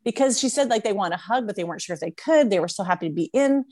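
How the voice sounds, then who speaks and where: Woman dance teacher telling a story, mid-pitched voice, dry close recording. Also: expressive, rapid-fire, a little mellow, dry recording. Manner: storytelling, laughs while telling. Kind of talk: casual conversation.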